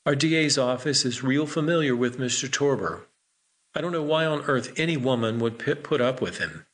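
Male narrator doing a friendly calm guy, easy and reassuring. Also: medium pitch, moderate pace, close to an everyday voice. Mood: kind, reassuring. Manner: easygoing, reassuring. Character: calm, friendly grown man who looks out for others.

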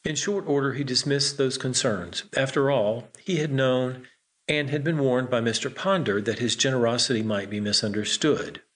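A man's voice: medium pitch, normal speed, a bit bright. Man reading a novel aloud. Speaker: audiobook narrator. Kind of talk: scripted narration.

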